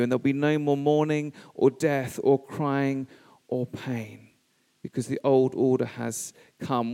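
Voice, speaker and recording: Guy preaching, smooth clear voice, pauses between phrases, big echoey church sound. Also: mid-range voice, warm tone. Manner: measured, emphatic phrasing with pauses. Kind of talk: sermon. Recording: reverberant church hall.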